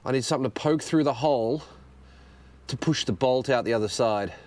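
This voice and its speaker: A man's voice: mid-range voice, a little fast, noisy background. Grumbling man working on a car. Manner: grumbling, swearing, self-mocking asides. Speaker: car vlogger. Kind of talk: casual self-filmed garage vlog. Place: home garage, working under a car. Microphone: external mic on action camera.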